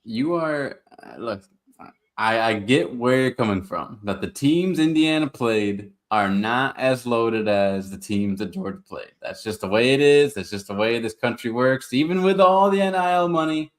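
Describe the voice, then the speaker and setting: A man co-hosts a sports podcast and pushes back with a relaxed, joking tone. His voice sits at an ordinary middle pitch. He often drifts into friendly ribbing and easy laughter. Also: normal speed. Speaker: podcast co-host. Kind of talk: casual sports debate.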